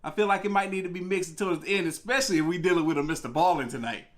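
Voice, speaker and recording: A young man hosting a live reaction stream, talking in a relaxed, slangy way to his viewers. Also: high-pitched, rapid-fire. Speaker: livestream reaction host. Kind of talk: casual live-stream chat.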